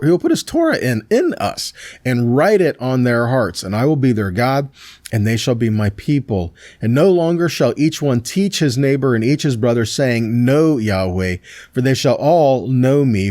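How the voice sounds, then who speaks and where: A male pastor reads Bible verses aloud and then unpacks them in a relaxed, conversational way, pausing to ask his listeners "right?" and "see that?". His voice sits at a middle pitch. The sound is dry and close, with no room echo. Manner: conversational, with fillers and restarts. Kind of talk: Messianic Torah teaching.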